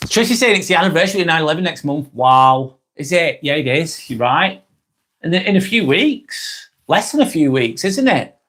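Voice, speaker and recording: Man, Lancashire accent, middle-aged, slightly high pitch, chatty, repeats himself, live stream host. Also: sing-song, normal speed, a bit bright. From England. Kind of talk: casual live chat reading viewer comments.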